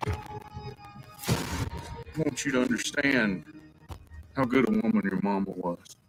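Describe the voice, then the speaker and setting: An actor playing a grave, weathered Old West man who speaks slowly and solemnly in a film trailer. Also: lowish voice, lightly acted, rough recording. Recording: trailer audio with music and gunfire.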